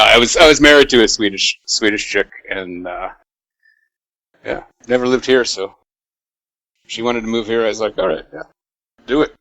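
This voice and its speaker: A man with an American accent talks through an interview at an easy, rambling pace, dropping fillers and laughing now and then. His voice sits at a middle pitch for a man. The recording is dry and close, with no room around it. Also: gravelly, sharp tone, no room sound, poor audio. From United States. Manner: laid-back, laughs often, many fillers. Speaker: musician guest. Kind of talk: casual interview chat.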